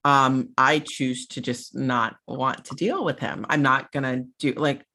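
A young woman hosting a podcast, chatty and animated as she puts questions to her guest. Her voice is bright and forceful, and she often reaches for filler words. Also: very deep voice, measured pace. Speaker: podcast host. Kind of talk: casual interview chat.

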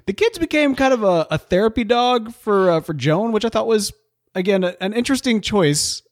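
Animated, jokey male podcast host. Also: high voice, fairly quick, no room sound, studio quality. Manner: animated, jokey, trails into laughs. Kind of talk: casual chat.

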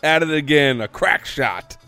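A man's voice: on the high side, lively intonation, a little slow, bright, forceful tone, clear, resonant tone, soft background music. A man joking sarcastically while playing a tabletop game. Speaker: player. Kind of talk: casual chat during a tabletop game.

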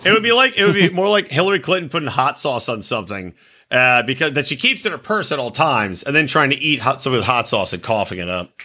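A man hosting a crude comedic podcast chat, animated, mocking and swearing freely. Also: mid-range voice, fast talker.

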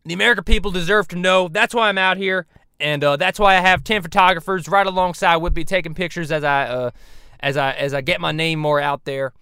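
A man's voice: high voice, steady tone, fairly quick, sharp tone, no echo, clean studio sound. A man doing a parody impression of a profane, hot-headed bounty hunter who rants and swears. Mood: ranting. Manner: gruff, swearing, bullying rants. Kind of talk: parody voice acting.

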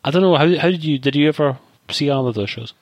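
A man's voice: on the high side, quick pace, no echo, highs cut off. A man co-hosting a podcast, talking in a rambling, thoughtful way with frequent restarts. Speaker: podcast co-host. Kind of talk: casual chat.

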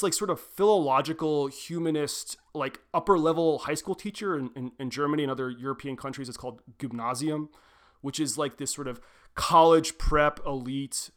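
A man's voice: medium pitch, moderate pace, a bit bright. Rambling man co-hosting a podcast. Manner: rambling, self-correcting, frequent "like" and "um". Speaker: podcast co-host. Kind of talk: casual podcast discussion.

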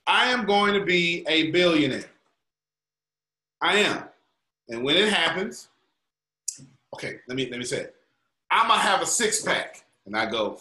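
A man's voice: on the high side, very animated, unhurried, long pauses, bright, forceful tone, reverberant, poor audio. A man coaching a group call, preaching his points in an emphatic, colloquial way. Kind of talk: motivational teaching on a call.

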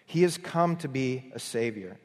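A man preaching a morning sermon, earnest in tone, who builds up to emphatic peaks and then drops to a near hush. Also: medium pitch, expressive, moderate pace, in a large hall. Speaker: pastor.

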